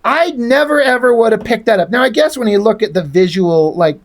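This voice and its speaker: A man's voice: sits high, expressive, brisk. A man reviewing a comic book in casual talk, rambling, exasperated and swearing freely.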